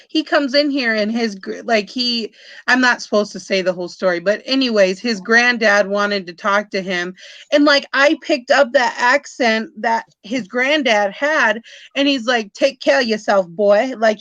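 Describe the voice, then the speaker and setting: Excitable young woman, live-chat host. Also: a little high, no room sound, dull audio. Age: 20s. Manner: excitable, filler-heavy storytelling. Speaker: host, spiritual medium. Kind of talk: casual live-stream chat.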